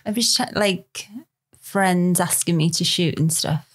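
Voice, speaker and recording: A woman's voice: lowish voice, steady tone, slow pace, slightly rough. Laid-back Scouse woman, casual chat. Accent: Liverpool (Scouse). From Liverpool, England. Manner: hesitant, lots of fillers, laid-back. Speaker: photographer guest.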